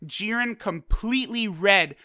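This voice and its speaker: A man giving an excited, casual, profane review of an anime episode, retelling scenes as a fan. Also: sits high, a little slow.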